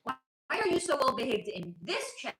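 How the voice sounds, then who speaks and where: A woman's voice: high-pitched, big pitch swings, a little fast, a bit bright, echoey room, rough recording. A woman hosting a casual livestream from home, chatting playfully with viewers, teasing them and laughing often. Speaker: livestream host and spiritual reader. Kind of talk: casual livestream chat, answering viewer comments. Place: at home with her child nearby.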